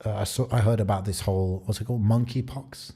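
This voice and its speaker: A man's voice: lowish voice, steady tone, fast talker, warm tone, breathy edge. A man with a British accent chatting casually on a podcast, rambling and thinking aloud with many fillers. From Britain. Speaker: podcast co-host.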